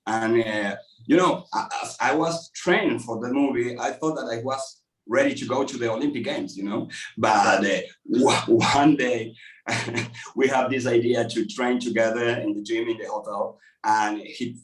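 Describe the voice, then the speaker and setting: A male actor talking casually as an interview guest, telling stories in an animated, expressive way. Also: medium pitch, moderate pace. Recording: echoey, distant mic.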